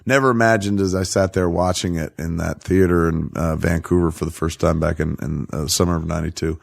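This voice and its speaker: A man hosting a podcast, chatting casually and profanely about a film, rambling and quick to laugh. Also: low voice, fairly even intonation, creaky, no room sound. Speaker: podcast host. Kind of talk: casual film review chat.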